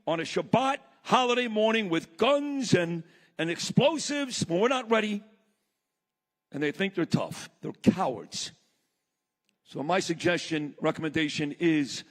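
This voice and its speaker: Telling a story to a live audience, a man gives a blunt, impassioned summit speech in a high, expressive voice at a moderate pace. The big hall he's in lends a long reverb.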